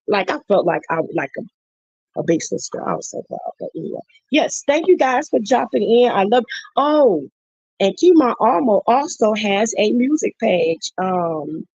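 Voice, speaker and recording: A middle-aged woman hosts a livestream, chatting casually and effusively with her viewers in a medium-pitched, darkish voice. The sound is dull, dry, and lo-fi, with no room sound.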